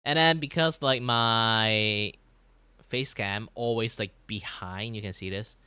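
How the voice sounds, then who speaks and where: A young man from Malaysia with a Malaysian English accent, chatting casually on a livestream in an animated, rambling way, with many restarts and laughs. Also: lowish voice, slow pace, clear, resonant tone, no room sound. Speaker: VTuber streamer.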